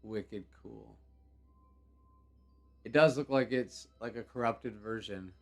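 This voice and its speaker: Man, low voice, relaxed rambling stream host, casual commentary, faint music behind. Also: slow pace. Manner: relaxed, rambling, full of fillers and praise. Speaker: host of a live game ship show.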